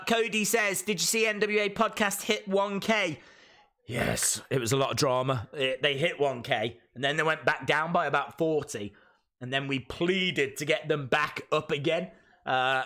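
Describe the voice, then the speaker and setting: A man chatting through a live watch-along reaction stream. He is excitable and reads out viewer comments as he goes. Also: a little high.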